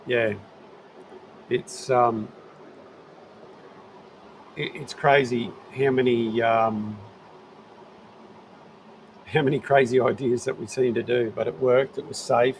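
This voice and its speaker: A middle-aged Australian man talks at an ordinary medium pitch, rambling easily through an impromptu livestream from his home shed. He chats to his viewers while he fiddles with his gear, full of fillers and restarts. A faint background hum sits behind him. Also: creaky, rough recording. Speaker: livestream host. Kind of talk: casual live-stream chat.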